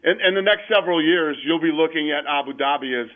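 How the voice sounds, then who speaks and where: A man's voice: fairly high pitch, quick pace. A man being interviewed over the phone, talking in a blunt, emphatic way. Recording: tinny phone line.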